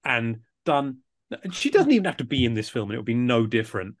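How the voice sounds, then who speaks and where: A man's voice: medium pitch, very animated, a little fast. A man co-hosting a podcast, making wry, sarcastic asides in a casual film review chat. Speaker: podcast co-host.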